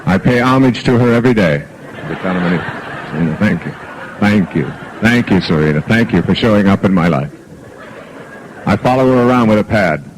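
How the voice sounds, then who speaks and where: A man's voice: on the low side, lively intonation, moderate pace, slight background noise, low-quality recording. A middle-aged man delivers a self-help talk to a live audience. He tells jokey personal anecdotes and acts out the lines of the people in them. The sound comes from an old archive recording.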